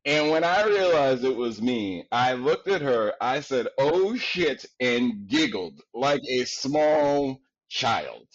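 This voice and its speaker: Deep-voiced animated man from Queens. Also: takes it slowly, highs cut off. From Queens, New York. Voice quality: deep resonant voice. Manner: animated, laughs often, casual slang. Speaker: podcast guest, actor. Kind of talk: casual storytelling chat.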